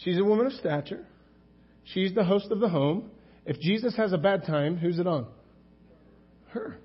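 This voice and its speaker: A man's voice: high-pitched, normal speed, slightly rough, muffled recording. A male pastor preaching a sermon in a conversational, rhetorical way, often calling out to the congregation.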